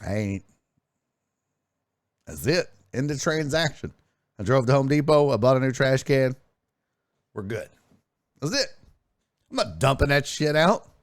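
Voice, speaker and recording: A man hosts a sports stream in a loose, casual chat, telling stories and reading viewer messages out loud. His delivery is animated, with a pitch that swings up and down a lot. He is recorded close and dry, with almost no room sound. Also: unhurried, long pauses, no room sound. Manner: animated, reads chat messages aloud and swears freely. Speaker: sports streaming show host.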